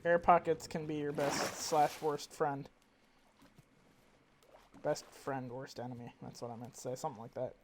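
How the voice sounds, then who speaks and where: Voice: medium pitch, little pitch movement, normal speed, pauses often. A gamer giving casual let's-play commentary, rambling and chatting to in-game animals. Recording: audible background noise.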